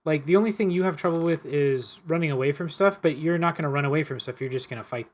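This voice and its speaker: A man chats casually over a board game in a hesitant, halting way, searching for words. His voice sits a little higher than most men's. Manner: hesitant, many fillers and restarts. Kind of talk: casual chat.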